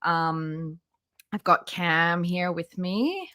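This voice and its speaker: A woman hosts a relaxed livestream with a bright, forward tone. She chats easily, greets viewers one by one and laughs often. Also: on the low side, very slow. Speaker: livestream host. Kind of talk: casual livestream commentary.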